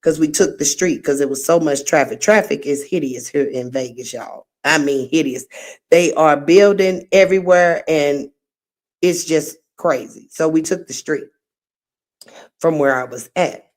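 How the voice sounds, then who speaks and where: A woman's voice: low-pitched, measured pace. A middle-aged woman hosting a livestream, chatting casually and telling meandering stories in a friendly way. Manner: chatty, warm-hearted, meandering storyteller. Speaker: livestream host.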